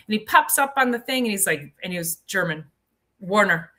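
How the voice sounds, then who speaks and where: Woman host, live health Q&A, bright forceful voice, chatty and enthusiastic. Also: on the high side, very animated, moderate pace. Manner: chatty, enthusiastic, many fillers. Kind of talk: live Q&A and personal storytelling.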